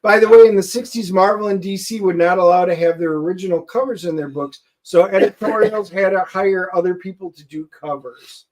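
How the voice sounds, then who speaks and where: A man's voice: high voice, a little fast, hardly any pauses, a little mellow. A man co-hosting a comic book show, casually and enthusiastically explaining things to viewers. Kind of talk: casual chat.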